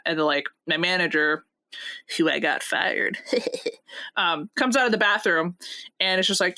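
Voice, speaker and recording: A young woman co-hosting a casual podcast, retelling a workplace story with constant swearing and animated quotes. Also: lowish voice, moderate pace. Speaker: podcast co-host.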